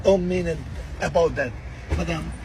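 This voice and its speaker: High-pitched man pleading in a noisy car. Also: a little mellow. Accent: non-native English speaker. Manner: pleading, apologetic, halting. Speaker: taxi driver. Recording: clip with clear background noise.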